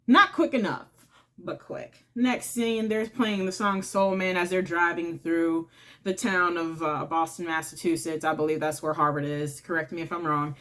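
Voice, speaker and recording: A woman's voice: lowish voice, fairly even intonation, moderate pace, fairly bright tone. A woman hosting her own channel, casually retelling a film's plot in a chatty, informal way. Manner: chatty, informal, retells scenes by acting out lines. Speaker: movie reviewer and channel host. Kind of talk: casual movie recap.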